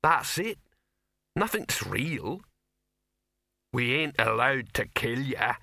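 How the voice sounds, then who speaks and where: A man voicing a dim, friendly male troll actor in an audiobook, talking in a slow plodding way. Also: mid-range voice, lively intonation, bright, forceful tone, no echo, studio quality. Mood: reassuring.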